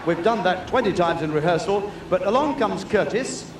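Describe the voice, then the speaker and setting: A man's voice: sits high, animated, normal speed, roomy sound, noisy background. A man hosting an outdoor game show, speaking in a formal, theatrical way.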